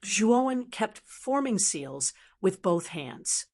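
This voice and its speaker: A woman narrating a fantasy novel audiobook in an even, steady reading. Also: mid-range voice, slow pace.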